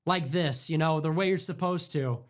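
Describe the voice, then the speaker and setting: A young man hosting a livestream, ranting casually in a sarcastic, mocking, profane way, jumping between squeaky mock voices and low mutters. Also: normal speed. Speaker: livestream host.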